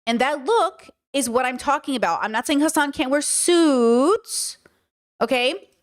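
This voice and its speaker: High-voiced emphatic woman streamer. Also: lively intonation, measured pace. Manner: emphatic, asks the audience rhetorical questions. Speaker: streamer host. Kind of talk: commentary livestream.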